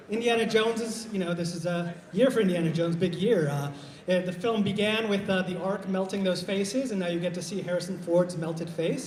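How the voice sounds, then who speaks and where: A man from Iowa doing a stand-up set, low-key and halting with lots of fillers, into a stage mic at a live show. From Iowa, USA. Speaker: stand-up comedian. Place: live comedy show in a hall. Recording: roomy hall reverb.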